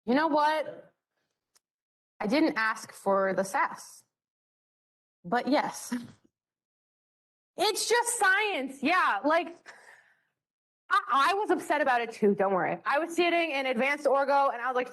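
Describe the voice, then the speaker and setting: A woman's voice: high-pitched, big pitch swings, unhurried, pauses often, fairly bright tone. A young woman leading a chemistry study session in a bubbly, joking way. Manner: bubbly, joking, self-mocking. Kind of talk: classroom teaching.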